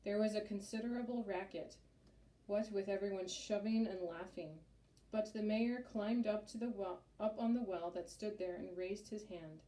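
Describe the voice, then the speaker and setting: A woman reads a chapter book aloud at a steady, measured pace. Her voice is mellow and soft-edged, in a middle register. The recording carries a roomy echo. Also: medium pitch. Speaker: audiobook narrator. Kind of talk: storybook narration.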